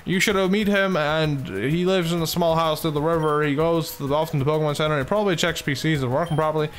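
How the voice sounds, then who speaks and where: A man's voice: on the high side, fairly even intonation, quick pace, pitched above the performer's own voice, close to an everyday voice. A man voicing a chatty, friendly game character who rambles on a phone call, reading the lines aloud.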